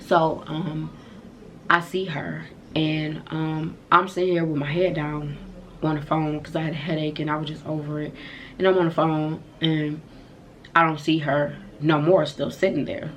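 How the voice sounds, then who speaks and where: A woman vlogger telling a story in casual slang, animated and profane. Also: low-pitched, normal speed, a little hiss or hum. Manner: animated, profane retelling of a fight. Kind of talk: storytime vlog.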